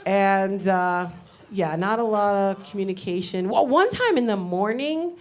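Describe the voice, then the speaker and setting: A woman's voice: mid-range voice, expressive, a little slow. A middle-aged woman doing a stand-up comedy set in a club, wry and rambling with sudden indignant outbursts. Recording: live club recording with audience noise.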